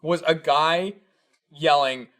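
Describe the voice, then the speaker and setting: A man's voice: fairly high pitch, fairly even intonation, slow, fairly bright tone. A man co-hosting a podcast, telling stories in a casual, rambling way with lots of swearing and filler words. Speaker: podcast co-host. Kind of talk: casual storytelling chat.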